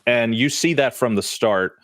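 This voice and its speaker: A man co-hosting a casual game podcast, talking in an animated way with frequent laughs and fillers. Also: mid-range voice, moderate pace, dry recording, clean studio sound. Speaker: podcast co-host. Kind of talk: casual chat.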